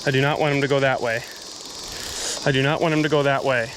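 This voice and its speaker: A young man giving excited, breathless running commentary as he fights a fish by a river outdoors. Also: medium pitch, quick pace, background noise. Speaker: fishing vlogger. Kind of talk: live fishing commentary.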